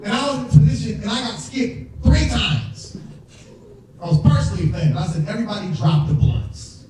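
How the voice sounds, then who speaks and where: Young man doing lively stand-up. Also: extremely high pitch, normal speed. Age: young adult. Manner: animated storytelling, acts out quoted voices. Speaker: stand-up comedian. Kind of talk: stand-up comedy set. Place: stage before a live audience. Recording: roomy hall, distant mic, crowd laughter. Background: audience laughter.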